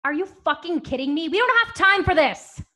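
An actress playing a tough, bossy barista turned commando who gives curt, threatening orders in a comedic audio drama. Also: female voice, very high voice, lively intonation, fairly quick, sharp tone, full character voice. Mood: menacing.

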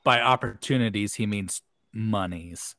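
A man's voice: lowish voice, measured pace, a bit bright, no room sound. A man co-hosting a casual sports podcast, dropping dry, wry quips.

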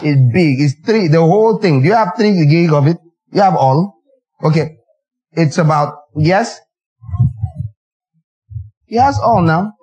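A man's voice: fairly high pitch, expressive, a little slow, pauses often, a little mellow, lo-fi sound. A male pastor talking casually to a congregation, in a chatty manner with lots of repeated words. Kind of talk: informal sermon remarks.

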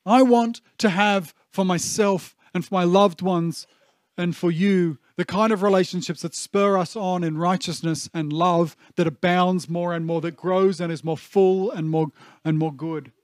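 Earnest, high-voiced pastor. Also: male voice, fairly even intonation, measured pace, dry recording. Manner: heartfelt, earnest, with frequent fillers and restarts. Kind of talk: sermon.

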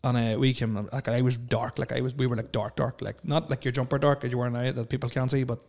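A man's voice: mid-range voice, little pitch movement, fast, vocal fry, a little mellow. An Irish man in his thirties hosting a podcast in casual chat, with a stutter, repeating words and laughing often. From Ireland. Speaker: podcast host.

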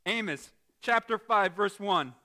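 Animated pastor with a bright, high voice. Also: male voice, a little slow. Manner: animated, jokey, shifts from quiet asides to loud shouts. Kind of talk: lively church sermon.

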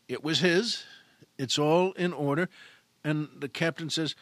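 Chatty folksy guy hosting his show, slightly higher voice, dry close sound. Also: unhurried, fairly bright tone, no room sound. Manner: chatty, folksy, self-amused. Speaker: radio host. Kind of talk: casual storytelling monologue.

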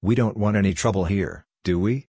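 A calm, level-headed man keeps his temper under pressure, as an audiobook narrator reads him. The voice is deep and husky, recorded dry. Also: dry recording. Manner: calm, measured. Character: calm steady male auditor.

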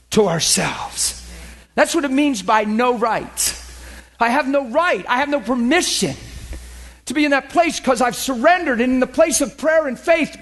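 A man preaching a sermon with passion, telling stories and pressing his point. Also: extremely high pitch.

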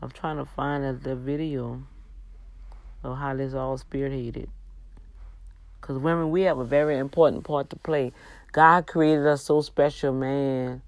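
A tired woman hosting a livestream, giving a faith talk with slow, emphatic, exhorting repeats. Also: a bass voice, steady tone, no room sound. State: tired, yawning. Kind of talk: preachy casual livestream talk.

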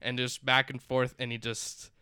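A man's voice: mid-range voice, little pitch movement, moderate pace, sharp tone, clear, resonant tone, no echo, studio quality. A young man casually recapping a film as a podcast co-host, rambling with lots of fillers and restarts. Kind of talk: casual chat recapping a movie.

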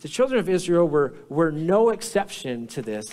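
A man's voice: a little high, big pitch swings, moderate pace, darkish tone. A man pastor preaching in a conversational way, asking questions and often restarting his phrases. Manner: conversational, repeats himself in restarts. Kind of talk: sermon. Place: church.

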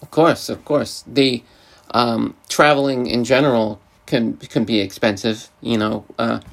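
A man with a New York accent hosts a casual chat. He rambles, restarting sentences and leaning on fillers. His voice sits at a middling pitch. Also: steady tone, a little slow, vocal fry, a bit bright.

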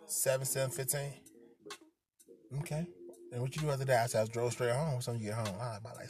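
A man's voice: mid-range voice, fast talker, music in the background. A man casually retelling a personal story, profane and streetwise, acting out the people he quotes.

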